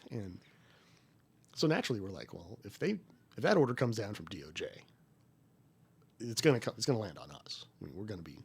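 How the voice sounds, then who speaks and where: Husky-voiced former agent in his forties. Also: on the low side, a little fast, pauses often. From United States. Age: 40s. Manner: folksy and emphatic, rising to animated retellings. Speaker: former federal agent, podcast guest. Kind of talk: conversational interview storytelling.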